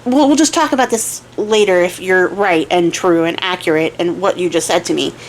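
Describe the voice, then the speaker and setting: A woman's voice: on the low side, moderate pace, a little hiss or hum, lightly acted. A woman voicing a sensitive, unlucky young male archer in a casually told folktale, whiny and pleading.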